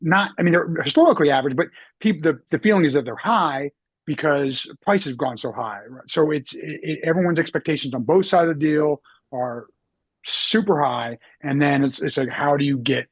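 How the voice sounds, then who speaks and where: A man hosting a casual interview as a real estate agent, speaking with energy and quick asides. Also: fairly high pitch, breathy edge, dry recording.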